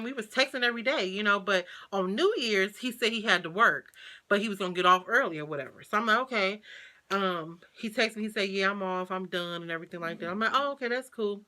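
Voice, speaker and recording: A woman talks through a casual storytime, animated and full of slang and asides to her viewers. Her voice is very bright and sharp. She swears freely and keeps a loose, chatty flow. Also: mid-range voice. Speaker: vlogger.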